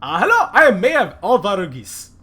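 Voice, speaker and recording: A man's voice: sits high, huge pitch swings, normal speed, pushed and bright, slightly rough, exaggerated voice. A man putting on a jovial, pompous old elephant-folk mayor. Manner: chatty, self-important, jovial.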